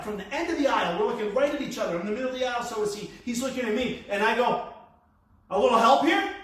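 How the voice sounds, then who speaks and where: Animated New York storyteller, echoey and distant. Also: male voice. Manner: animated, acts out quotes with big pitch swings. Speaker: comedian. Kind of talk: stand-up storytelling. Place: live stand-up venue. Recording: echoey room from far off.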